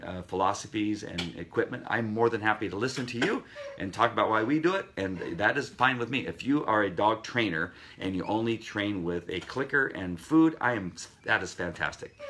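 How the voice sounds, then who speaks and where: Earnest, low-voiced male dog trainer. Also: a bit bright, slight background noise. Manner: earnest, emphatic, repeats key points. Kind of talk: casual advice talk.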